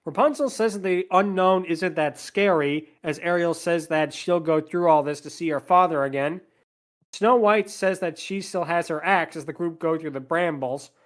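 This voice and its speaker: A man with a slightly higher voice hosts a casual podcast. He recaps a film's plot in a steady flow and breaks off for dry, sarcastic complaints about it. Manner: plot narration with sarcastic asides. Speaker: podcast host.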